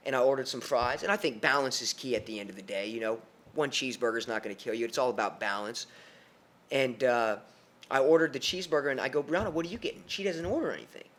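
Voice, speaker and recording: A young man tells his own story on a podcast at a medium pitch. He talks in a lively, animated way, often restarting and repeating his words as the story tumbles out. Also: quick pace.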